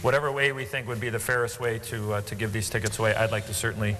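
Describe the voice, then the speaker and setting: A man's voice: lowish voice, level tone, fast, a bit bright. A man at a banquet giving away raffle tickets, rambling and joking with frequent hesitations. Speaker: banquet guest presenting a raffle prize. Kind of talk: casual banquet remarks. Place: large indoor banquet hall. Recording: echoey banquet hall with background noise.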